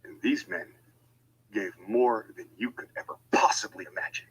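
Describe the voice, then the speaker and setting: A man's voice: fairly low pitch, normal speed, slightly rough, poor audio. A man delivering an angry, profane monologue, heated and confrontational throughout. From United States.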